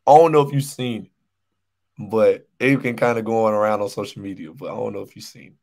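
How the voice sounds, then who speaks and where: A man's voice: fairly low pitch, fairly quick, a little mellow. A young man co-hosting a casual sports podcast, ranting animatedly and repeating his points for emphasis. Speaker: podcast co-host.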